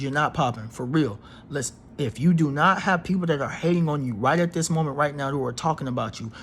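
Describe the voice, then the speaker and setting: A man's voice: a little high, a bit bright, slight background noise. A man giving a casual astrology reading to his viewers in an emphatic, preachy way. He repeats phrases and uses slang. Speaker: astrology reader.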